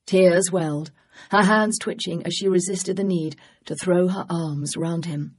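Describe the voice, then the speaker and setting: Husky, steady audiobook narrator. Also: medium pitch, a little slow. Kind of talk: scripted narration.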